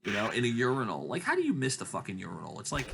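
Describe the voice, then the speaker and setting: Casual male host, animated delivery, hissy recording. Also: rapid-fire, creaky. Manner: rambling, acts out quotes in high voices. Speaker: podcast host. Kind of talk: casual chat, storytelling.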